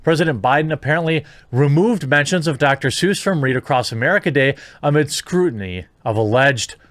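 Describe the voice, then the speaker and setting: A man's voice: on the high side, lively intonation, brisk, fairly bright tone, dry recording. A man reading news and statements aloud with his own commentary, putting odd emphasis on syllables. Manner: odd stresses, sing-song emphasis. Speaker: video commentator.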